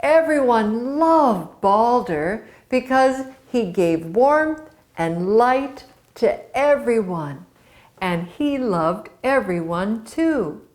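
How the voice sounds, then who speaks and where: A woman storyteller telling a myth to children in a slow, expressive way. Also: a little high.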